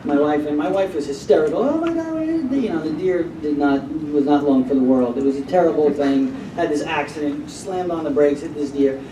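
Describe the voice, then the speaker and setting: Animated man telling stories in a hall. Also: fairly high pitch, brisk, few pauses. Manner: animated, rambling, with many fillers. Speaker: actor telling anecdotes on a panel. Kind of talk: casual storytelling to an audience. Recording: echoey hall from far off, faint noise.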